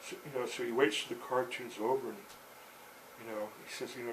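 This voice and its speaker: An older man telling a long story out loud, halting, with many fillers and restarts. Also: mid-range voice, steady tone, very noisy. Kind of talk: rambling spoken storytelling.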